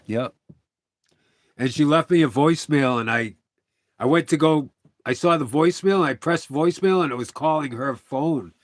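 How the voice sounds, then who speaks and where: A man's voice: a little high, moderate pace, no echo, studio quality. A middle-aged man chatting casually on a livestream, telling rambling stories full of quoted dialogue.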